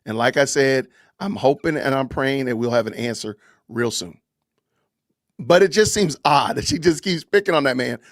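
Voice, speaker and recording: A man's voice: medium pitch, moderate pace, no room sound, clean studio sound. A man hosting a podcast, delivering an impassioned, preachy commentary rant with lots of repetition and emphatic commands. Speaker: podcast host.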